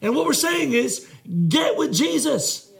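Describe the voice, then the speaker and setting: A man's voice: very high voice, expressive, unhurried, vocal fry. A male pastor preaching a sermon in a conversational, earnest way, full of fillers and restarts. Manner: earnest, heartfelt delivery.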